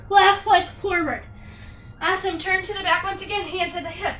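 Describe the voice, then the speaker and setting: A woman's voice: very high voice, fairly even intonation, normal speed, pushed and bright, echoey room, recorded from a distance, a little hiss or hum. A woman leading a yoga workout class, counting reps and cheering people on with upbeat cues, getting out of breath. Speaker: yoga instructor.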